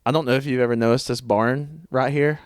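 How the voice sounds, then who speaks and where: A man's voice: medium pitch, fairly even intonation, a little fast, clean tone, no echo. Laid-back young man, dry sound. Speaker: podcast co-host. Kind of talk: casual chat.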